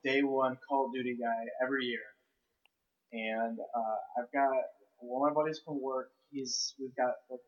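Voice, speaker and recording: A man hosting a casual podcast chat, speaking hesitantly with frequent restarts. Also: medium pitch. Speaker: podcast host. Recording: lo-fi home mic.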